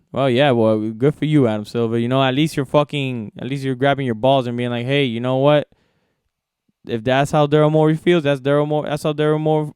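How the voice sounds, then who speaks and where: Man, podcast host, heated profane rant, repeats himself, clear resonant voice, dry close sound. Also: medium pitch, darkish tone, no echo. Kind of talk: solo sports podcast rant.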